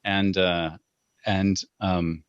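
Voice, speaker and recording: A man's voice: low voice, very slow, clear, resonant tone, no room sound. A man working as a parenting coach, talking earnestly in an interview and acting out his own inner voice as he tells stories. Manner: earnest, animated storytelling with acted-out inner voice. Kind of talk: conversational interview. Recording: dull lo-fi dry sound.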